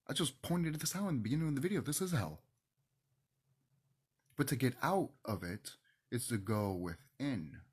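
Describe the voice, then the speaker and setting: A man's voice: lowish voice, breathy edge. A man hosting his own channel, ranting to camera in a heated, profane, preachy way. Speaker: channel host.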